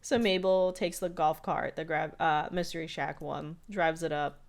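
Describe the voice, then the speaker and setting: A woman's voice: sits low, fairly even intonation, moderate pace. A woman co-hosting a podcast, chatting casually through an episode recap with lots of "like" fillers. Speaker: podcast co-host.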